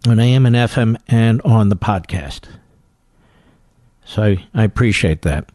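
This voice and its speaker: A man's voice: on the low side, animated, darkish tone, no room sound, studio quality. Emphatic, combative male talk radio host. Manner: emphatic, combative, slows down to stress points.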